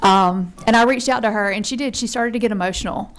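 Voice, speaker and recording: A woman from Georgia testifies before a legislative committee in an earnest, conversational way, dropping a friendly y'all now and then. She talks quickly and keeps going without pause, in a voice of middling pitch for a woman. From Georgia, USA. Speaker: member service consultant testifying to a committee.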